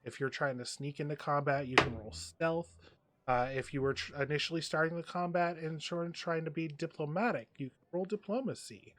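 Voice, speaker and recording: A man's voice: a little high, brisk, a bit bright, slight background noise. A man running a tabletop role-playing game as game master, talking loosely with lots of fillers. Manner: rambling with many fillers.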